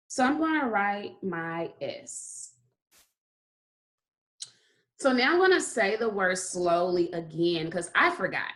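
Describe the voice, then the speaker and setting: A woman's voice: medium pitch, expressive, unhurried, a bit bright. A woman teaching a kindergarten phonics lesson, patiently stretching out sounds and praising often. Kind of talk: slow phonics lesson for young children.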